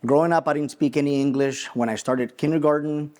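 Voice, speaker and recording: A man in his forties from Mexico, raised in West Texas, co-hosting a podcast and telling an earnest, animated personal story with frequent restarts. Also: on the high side, a little fast. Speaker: podcast co-host, attorney.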